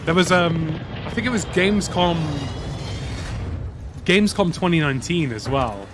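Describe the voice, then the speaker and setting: A man's voice: on the high side, expressive, moderate pace. A British man casually telling a rambling, slang-heavy story while playing a game. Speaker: gaming YouTuber. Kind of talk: casual anecdote over gameplay. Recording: game sound noise under voice.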